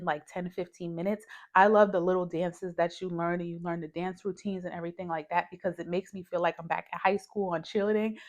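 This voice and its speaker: A young woman at home, talking candidly to camera as a new mother, giving advice in a casual, conversational way and calling the viewer "girl". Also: on the low side. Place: her home, TV in front of her.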